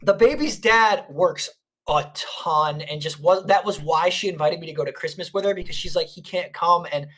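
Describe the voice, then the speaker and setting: A man chatting casually on a podcast, telling his stories with lots of animation and acted-out voices. His voice is bright and a little tense. He swears freely along the way. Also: on the high side, moderate pace. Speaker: podcast co-host. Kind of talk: casual chat.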